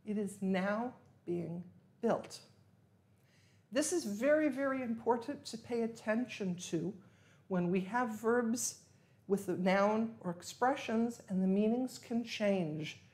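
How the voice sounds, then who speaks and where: A woman's voice: a little high, takes it slowly, a little mellow. A woman English teacher giving a recorded vocabulary lesson, explaining patiently and stressing key words with examples.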